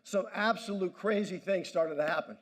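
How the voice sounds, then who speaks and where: High-voiced man firing up a crowd. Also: normal speed. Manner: commanding, pumping up the audience. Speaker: motivational speaker. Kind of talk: energetic crowd-directed speech. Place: banquet hall.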